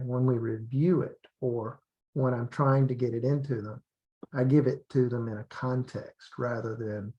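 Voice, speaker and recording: With a mid-range voice on a muffled recording, this male English teacher walks through classroom methods in a laid-back training session, restarting often and going over drill phrases again and again.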